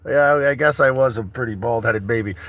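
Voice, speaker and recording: A man's voice: medium pitch, brisk, fairly bright tone, no room sound. A man in his thirties chatting casually from inside his camper car, rambling in a laid-back way and calling viewers brother and buddy. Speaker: travel vlogger. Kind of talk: casual morning livestream chat.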